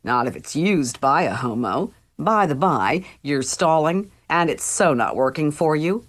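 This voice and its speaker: A chatty, theatrical teen boy, as a woman reader puts him on, teasing and gushing at his friend. The voice sits low and a touch deeper than the narration. It is a storybook character read aloud for an audiobook. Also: animated, a little slow. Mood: playful.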